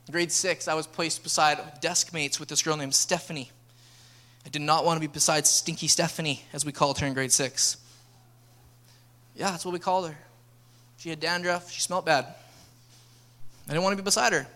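Young male pastor, earnest sermon delivery, bright forceful voice. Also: on the high side. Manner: earnest, building to emphatic appeals.

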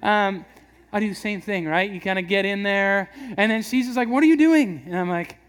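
A young man preaching a sermon in church, talking in a relaxed conversational way with jokes and frequent restarts. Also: high-pitched, moderate pace, clear, resonant tone. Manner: conversational, humorous, many restarts. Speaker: pastor.

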